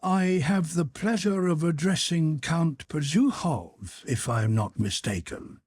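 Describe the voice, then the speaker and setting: A man voicing a grave, severe old male Freemason who speaks in a deliberate, measured and formal way. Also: on the low side, expressive, a little mellow, husky, no echo, studio quality, heavily acted.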